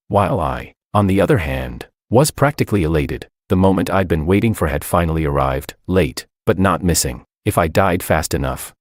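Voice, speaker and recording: Man, very low voice, animated story narration, dry close sound. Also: dry recording. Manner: lively expressive reading. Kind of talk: first-person story narration.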